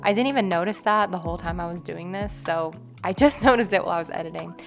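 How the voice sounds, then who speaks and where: A young woman chatting casually to her viewers at home as a lifestyle vlogger, relaxed and full of "like" fillers. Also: fairly low pitch, fast talker, gravelly, soft background music. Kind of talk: casual chat. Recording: steady background noise.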